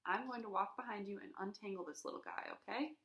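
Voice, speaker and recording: A kind, steady nature guide in a children's storybook, read by a woman. He talks calmly and soothingly, with a gravelly texture, in an echoey room. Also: mid-range voice, fast. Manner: calm and soothing. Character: calm, kind adult male nature guide.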